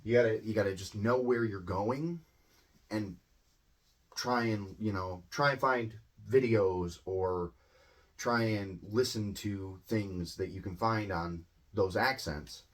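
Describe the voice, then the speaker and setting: A man with a Midwestern American accent teaching English in a relaxed, conversational way, often checking in with tag questions. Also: fairly low pitch, takes it slowly. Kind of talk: casual explanatory lesson.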